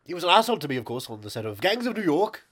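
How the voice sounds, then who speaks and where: A man's voice: on the high side, very animated, racing, a bit bright. A man playing a pompous, name-dropping aging British actor in improvised comedy banter, with a theatrical luvvie drawl. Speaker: mock talk-show host.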